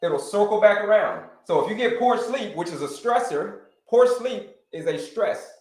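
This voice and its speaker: High-voiced male health coach running a live stream, lively and repetitive, in a roomy, echoing space. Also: normal speed. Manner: animated, repeats phrases, addresses viewers as folks.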